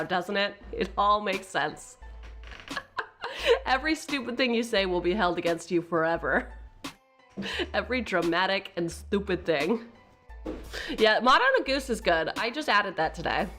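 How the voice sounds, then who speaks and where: A woman's voice: medium pitch, pushed and bright. Laughing woman streamer telling family stories. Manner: chatty, laughs often between lines. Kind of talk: casual storytelling during a live stream.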